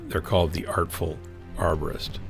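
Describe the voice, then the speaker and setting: A man's voice: deep voice, flat delivery, normal speed, soft background music. A man streaming a game and telling a rambling story in casual chat, full of fillers and restarts. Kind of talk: casual chat while gaming.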